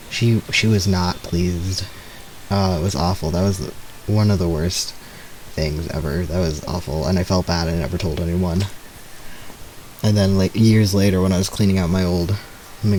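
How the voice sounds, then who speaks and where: A man's voice: low-pitched, a little mellow, a little hiss or hum, rough recording. A young man streaming a video game, chatting casually and rambling through sheepish stories with nervous laughs. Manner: rambling, self-deprecating storytelling with nervous laughs. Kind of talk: casual gameplay commentary.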